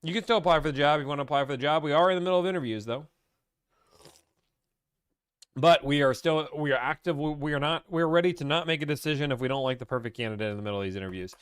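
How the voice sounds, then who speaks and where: A man's voice: a little high, quick pace, a bit bright, clear, resonant tone, dry recording, clean studio sound. A man hosting a casual livestream, hyped and playful, talking straight to his live chat. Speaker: livestream host.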